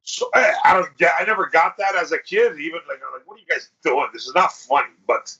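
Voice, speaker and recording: A man with a husky, bright voice tells a crude story on a podcast, acting out what people said and swearing freely. He talks in a loose, animated chat style. The recording sounds dull and lo-fi. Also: on the high side, fast. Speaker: podcast host.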